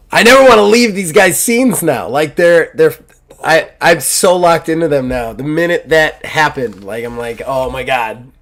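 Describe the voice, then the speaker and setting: A man's voice: a little high, lively intonation, slow, fairly bright tone. Chatty male game master. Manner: rambling, enthusiastic, filler-heavy. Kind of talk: narrating a tabletop game.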